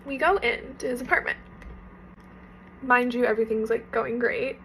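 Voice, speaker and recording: A young woman with a fairly high voice tells a story while getting ready. She talks in a chatty, casual way, and faint noise hangs in the background. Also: normal speed, fairly bright tone, poor audio. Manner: chatty, casual, lots of fillers.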